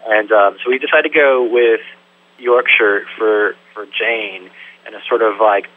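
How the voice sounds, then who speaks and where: A man's voice: fairly low pitch, breathy edge. A man, a film director, answering interview questions thoughtfully and loosely, with lots of "sort of" and "like". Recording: tinny phone-like line with faint hum.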